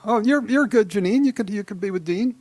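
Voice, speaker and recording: A man leading a live congregation through a guided exercise, relaxed and chuckling, slowing down to speak each phrase deliberately. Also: high-pitched. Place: gathering hall with a live audience.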